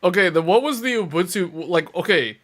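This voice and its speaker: A man's voice: high-pitched, lively intonation, brisk, fairly bright tone. A man hosting a casual tech show, chatting animatedly with lots of fillers and exasperated outbursts, sometimes murmuring chat comments aloud.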